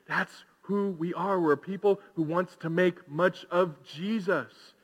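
A man preaching a sermon as pastor, swinging from hushed, slow passages to loud, fervent calls to the congregation. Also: fairly high pitch. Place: large church hall. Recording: long hall reverb.

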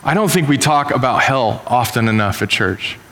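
A male pastor delivers a sermon in a relaxed, storytelling way and rises sharply in pitch on key questions. His voice sits at an ordinary middle pitch. The sound carries the long reverb of a church sanctuary. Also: moderate pace. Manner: conversational storytelling, animated with sudden pitch jumps.

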